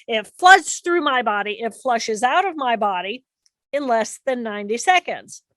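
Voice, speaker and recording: A woman giving an explanatory talk to an audience, animated and repeating key phrases for emphasis. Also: on the high side, moderate pace, dry recording, clean studio sound. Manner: animated, acts out inner voices and repeats phrases. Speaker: speaker presenting to an audience.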